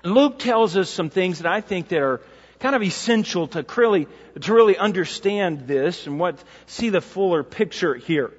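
A man's voice: sits high, expressive, normal speed, breathy edge. A male pastor preaching a sermon in a church, explaining scripture in a casual, conversational teaching tone. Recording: dull sound with long hall reverb.

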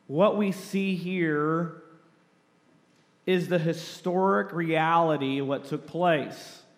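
Male pastor, higher-pitched, emphatic and earnest sermon delivery, long church reverb. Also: slow. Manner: earnest, emphatic preaching with repetitions. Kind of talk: sermon with scripture reading.

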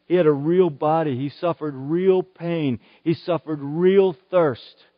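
A man preaches with an earnest, fairly high voice that swells into emphatic declarations. The sound is dry and a little dull and muffled. He moves between quiet, heavy passages and strong proclamation. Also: fairly even intonation, takes it slowly, no room sound. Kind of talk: sermon.

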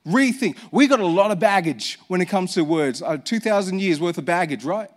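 Male senior pastor, fairly high voice, chatty sermon style, keeps asking the room questions. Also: expressive, fairly quick. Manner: conversational, rhetorical questions to the congregation.

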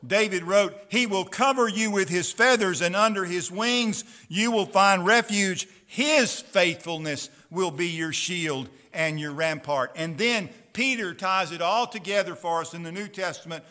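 A man preaching a sermon who reads scripture aloud with slow, earnest emphasis and asks his listeners direct questions. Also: high voice, sharp tone.

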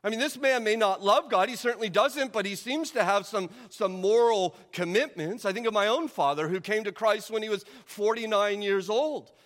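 A man's voice: sits high, moderate pace, hardly any pauses, fairly bright tone, in a large hall. A middle-aged man preaching a sermon in a conversational way, full of rhetorical questions and restarts. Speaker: pastor.

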